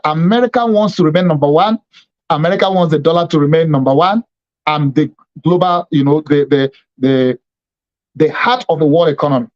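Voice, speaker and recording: A bishop hosting a TV program, giving emphatic political commentary and repeating points to drive them home. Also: male voice, high voice, lo-fi sound.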